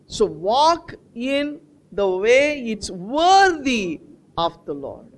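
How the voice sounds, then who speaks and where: Slow, high-pitched preacher quizzing a congregation. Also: very animated. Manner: call-and-response questions to the congregation; repeats key words for emphasis. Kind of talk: sermon.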